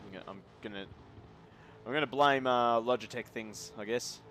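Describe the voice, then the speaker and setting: A man's voice: medium pitch, moderate pace, a bit bright, faint music behind. A man giving casual live sim racing commentary as host of the stream, chatty and joking with the viewers. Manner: chatty, joking, talks to chat.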